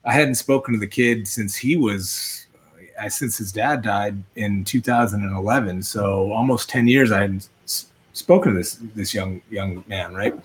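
A man's voice: fairly low pitch, moderate pace. Rambling casual man, faint background noise. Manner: loose, rambling, full of fillers. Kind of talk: casual chat.

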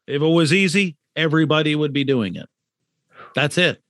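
A man's voice: a little high, lively intonation, moderate pace, a bit bright, no echo, clean studio sound. A man, an author and brand consultant, talking in a podcast interview, emphatic, repeating key points and asking rhetorical questions.

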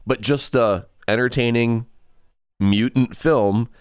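A podcast co-host with a medium-pitched, clear, resonant voice speaks slowly as he chats casually through a movie review, rambling and restarting his sentences. The studio-quality recording has no room sound.

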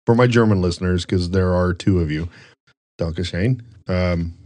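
A man's voice: low voice, moderate pace, a little mellow, no echo. A man hosting a casual podcast, rambling through stories and joking with his co-host. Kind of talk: casual chat.

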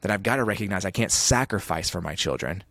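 Deep, gravelly earnest man. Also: lively intonation, fast, a bit bright, no echo, studio quality. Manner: earnest, reflective, with many restarts. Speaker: guest. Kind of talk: podcast conversation.

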